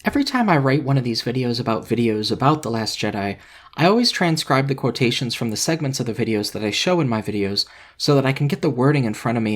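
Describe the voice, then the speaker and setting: A man narrating a scripted video essay in a measured, analytical way. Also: mid-range voice, slightly rough.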